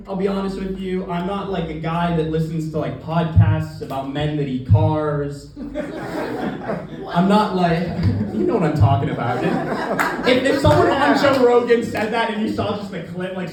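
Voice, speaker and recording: A man's voice: high voice, normal speed, background noise. A man doing a live stand-up comedy set, goofy and rambling, with many restarts and self-deprecating asides. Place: comedy club stage with live audience. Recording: echoey club from far off with audience. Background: crowd laughter.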